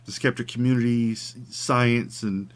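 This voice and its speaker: A man's voice: mid-range voice, fairly even intonation, moderate pace. A man telling a story in a casual, rambling way while he draws, with many fillers. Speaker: caricature artist streaming his drawing. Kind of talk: casual chat while drawing.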